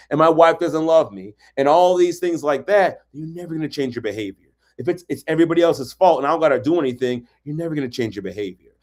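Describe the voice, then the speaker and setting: Emphatic, slang-dropping male relationship coach. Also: fairly high pitch. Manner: emphatic, repetitive, colloquial, acts out quotes. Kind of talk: motivational talk.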